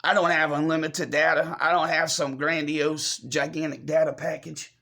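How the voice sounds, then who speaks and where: A man giving a confessional vlog update to his viewers, choked up and fighting back tears, halting and apologetic as he repeats himself. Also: a little high, little pitch movement, gravelly, bright, forceful tone. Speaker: vlogger.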